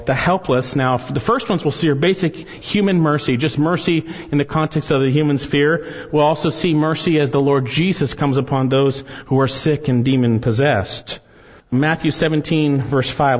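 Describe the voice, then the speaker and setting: A man preaching a sermon as a pastor, reading scripture aloud with rising emphasis. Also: medium pitch. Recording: dull sound with long hall reverb.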